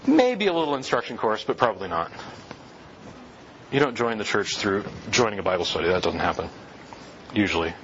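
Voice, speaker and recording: A man's voice: on the low side, very animated, brisk, pauses often, a bit bright, highs cut off, slight background noise. A man giving a classroom lecture on church history, talking conversationally and firing rhetorical questions at his listeners.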